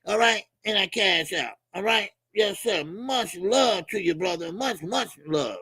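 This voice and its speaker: A middle-aged man hosts a boxing livestream, high-pitched and gravelly with a bright, forceful edge. He rambles in a loose, profane way, laughs easily and shouts out viewers by name. The sound is dry and close. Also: expressive, measured pace, no echo. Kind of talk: casual livestream chat.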